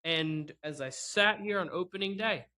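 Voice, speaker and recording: The voice sits high and sounds bright and forceful, at a normal speed. It belongs to a man hosting a solo sports podcast who rants sarcastically and with exasperation, laughing frequently as he speaks into a laptop-and-camera microphone setup.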